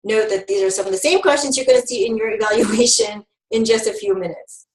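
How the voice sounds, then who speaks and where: A woman's voice: mid-range voice, quick pace, reverberant, rough recording. A woman presenting a health education webinar in a casual, chatty way, laughing often, heard over a video call.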